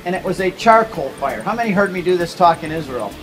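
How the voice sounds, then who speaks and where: A man giving a casual Bible talk to a tour group, telling stories with quick asides and jokes. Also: sits high, expressive, a bit bright, faint music behind, rough recording. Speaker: pilgrimage tour teacher.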